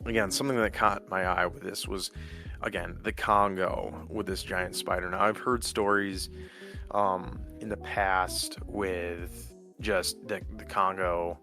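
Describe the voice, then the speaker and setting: A man's voice: low voice, steady tone, measured pace, vocal fry, over music. A man hosting his podcast in a chatty, rambling way with lots of fillers, getting over an illness with an occasional cough. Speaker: podcast host. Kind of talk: casual solo podcast talk.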